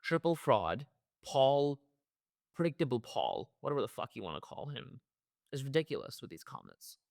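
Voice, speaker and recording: A man's voice: medium pitch, sing-song, moderate pace, vocal fry, darkish tone, dry recording, clean studio sound. A man hosting a wrestling reaction show, ranting heatedly with lots of profanity and repeated phrases. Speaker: wrestling commentary host.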